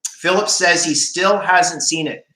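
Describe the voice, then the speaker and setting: A man's voice: sits high, steady tone, a little slow, sharp tone, roomy sound, rough recording. A man with a Canadian accent hosting a casual livestream, rambling and joking as he reads out viewer comments. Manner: chatty, rambling, jokey, laughs often. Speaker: YouTube channel host on a live stream.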